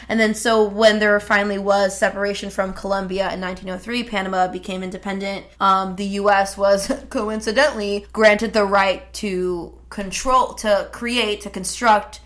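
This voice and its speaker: A woman's voice: medium pitch, a bit bright. A young adult woman co-hosting a casual political chat, speaking in a wry, sarcastic way and filling her sentences with "like". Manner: filler-heavy, lots of "like", wry and sarcastic. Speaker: podcast co-host.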